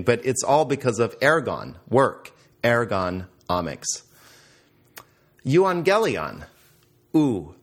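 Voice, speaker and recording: A man teaching a Greek grammar lesson, explaining patiently and quizzing the listener. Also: fairly low pitch.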